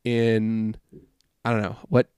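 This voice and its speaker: A man's voice: lowish voice, monotone, slow pace, a little mellow, smooth, no echo, clean studio sound. A young man from Minnesota chatting casually as a podcast host at home, rambling with lots of fillers and restarts. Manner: rambling, filler-heavy, self-interrupting. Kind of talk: casual chat. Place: home gaming room.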